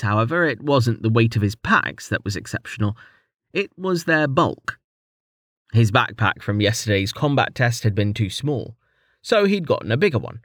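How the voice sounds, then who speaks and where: A man reading a fantasy novel aloud as audiobook narrator, in lively storytelling narration. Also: mid-range voice, no echo, clean studio sound. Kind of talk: scripted narration.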